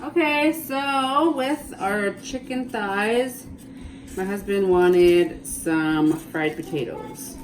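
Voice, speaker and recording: A woman's voice: mid-range voice, drawn-out words. Woman, casual cooking vlogger, laughs easily, kitchen noise behind her. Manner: chatty, laughing storyteller. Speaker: home cook filming herself. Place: home kitchen. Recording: noisy kitchen recording.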